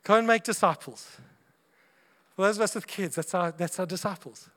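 A man's voice: sits high, normal speed, fairly bright tone. A man and father preaching a sermon to a congregation, chatty and humorous, often acting out little dialogues as he goes. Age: adult parent of young children.

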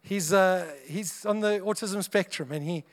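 A father of young children preaches a sermon to his congregation in a voice that sits high, speaking unhurriedly. He's chatty and humorous, frequently acting out little dialogues along the way.

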